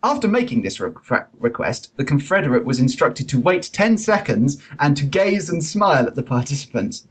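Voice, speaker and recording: A man's voice: on the high side, very animated, moderate pace, husky, low-quality recording. A man hosting a comic science podcast, wry and pun-loving, reading from a study. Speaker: podcast host.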